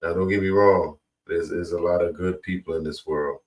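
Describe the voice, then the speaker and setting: A man's voice: sits low, steady tone, normal speed. A man hosting a reaction video, giving laid-back, preachy commentary. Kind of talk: casual commentary. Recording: voice a bit far from the mic.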